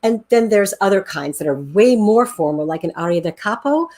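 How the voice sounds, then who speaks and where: A woman's voice: mid-range voice, lively intonation, moderate pace, darkish tone. A woman teacher giving an enthusiastic, encouraging online class over a video call, counting aloud and tapping out rhythms. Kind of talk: online class lesson, screen-sharing.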